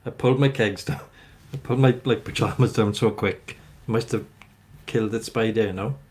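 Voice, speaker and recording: A man on the low side of the pitch range, speaking at a moderate pace with a little mellowness, hosts a livestream. He rants a rambling story to his chat, constantly tagging on "right?".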